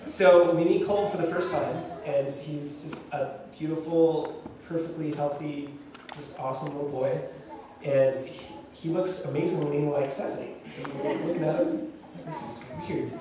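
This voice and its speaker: A man sharing the story of adopting his son to an audience, animated and laughing as he acts out what people said. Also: a little high, a little slow, a crowd in the background. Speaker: adoptive father sharing testimony. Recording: echoey room from far off with noise.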